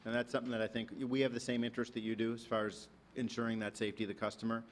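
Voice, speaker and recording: Fast-talking flat-voiced business man. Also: mid-range voice, a little hiss or hum. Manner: reassuring, many fillers. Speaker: business representative. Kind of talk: presenting at public meeting.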